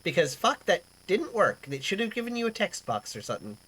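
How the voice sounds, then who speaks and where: A woman's voice: mid-range voice, sing-song, fairly quick, a bit bright, breathy edge. A young woman hosting a live stream, chatting casually, rambling and swearing freely as she reacts to chat. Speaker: livestream host.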